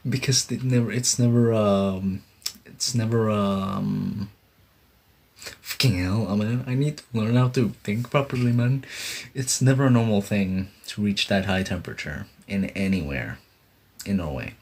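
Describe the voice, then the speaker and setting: A man's voice: on the low side, unhurried, a little mellow. A young man streaming, chatting casually and rambling with lots of fillers as he laughs at himself. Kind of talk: casual live-stream chat. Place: sitting on a bed indoors.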